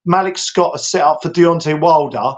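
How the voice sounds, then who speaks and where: A British man co-hosting a casual chat, talking in an animated way with many restarts. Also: on the high side, normal speed. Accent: British English. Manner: animated, acts out quotes with lots of restarts. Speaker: podcast co-host. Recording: dull lo-fi audio.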